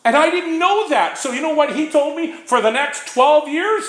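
A man explaining recovery steps to a small group, his pitch swinging widely from low to high as he talks. He tosses in "right?" to keep his listeners with him, and the sound is echoey, as if he is in an open room. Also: lively intonation, moderate pace, fairly bright tone. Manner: conversational, frequent "right?" asides. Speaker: recovery speaker. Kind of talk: informal talk on recovery steps.

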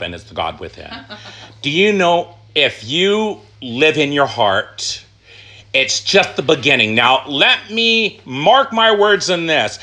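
High, lively man sharing his recovery story. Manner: animated, emphatic, repeats questions and answers. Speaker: recovery speaker. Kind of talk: personal testimony talk.

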